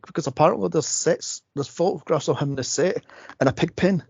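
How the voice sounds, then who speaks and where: A man's voice: on the high side, fairly quick, creaky, a little mellow, breathy edge, no room sound, highs cut off. A man hosting a casual movie podcast, rambling and laughing often as he acts out scenes. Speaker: podcast host.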